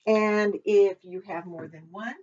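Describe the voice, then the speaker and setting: A woman's voice: mid-range voice, fairly even intonation, a little slow, a little mellow. Chatty woman teaching, dull recording. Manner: chatty, thinks aloud, double-checks herself. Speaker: Hebrew teacher. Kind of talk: informal recorded lesson.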